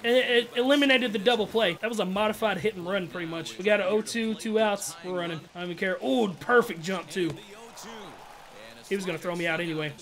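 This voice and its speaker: Young man, high bright voice, trash-talking, excitable game commentary. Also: fast talker. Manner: excitable, trash-talking, says "dog" and "bro". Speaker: gaming channel host.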